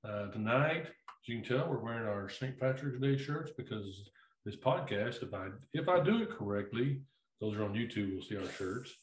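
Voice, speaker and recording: A man's voice: medium pitch, lively intonation, moderate pace. A middle-aged man co-hosting a podcast in casual chat, rambling and repeating himself. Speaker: podcast co-host. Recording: echoey room.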